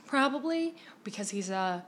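A woman's voice: mid-range voice, animated, normal speed, a bit bright, a little hiss or hum. A woman co-hosting a podcast, chatting casually about a TV episode, laughing often and playful. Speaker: podcast co-host. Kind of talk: casual chat recapping a TV episode.

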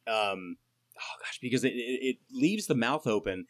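A man's voice: medium pitch, expressive, moderate pace, a bit bright. Man, casual chat, rambling, retells scenes in detail.

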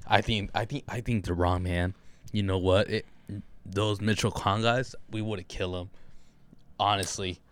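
A man's voice: lowish voice, steady tone, normal speed. A young man co-hosting a casual podcast, laid-back and profane, mostly giving short replies. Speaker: podcast co-host.

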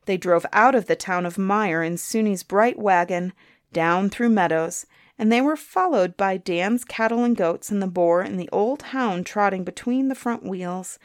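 A woman telling a folktale aloud in a lilting, expressive way, letting line endings trail off softly. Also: mid-range voice, a little slow, dry recording, clean studio sound. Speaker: storyteller. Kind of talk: folktale storytelling.

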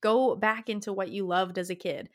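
A young Canadian woman hosts a casual solo podcast with a steady tone and moderate pace. Passionate and chatty, she lets her pitch rise at the end of her phrases.

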